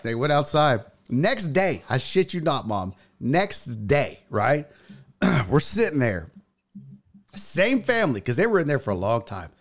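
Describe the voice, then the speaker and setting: A man hosting a podcast, telling a story in casual chat, profane and animated. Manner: animated, profane, acts out quotes in a loud high voice. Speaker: podcast host.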